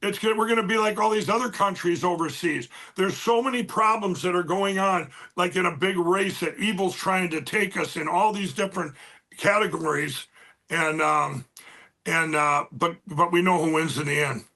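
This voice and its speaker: A man speaking as an interview guest, halting with many fillers and restarts, yet emphatic and insistent. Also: high voice, vocal fry, sharp tone. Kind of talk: political interview talk.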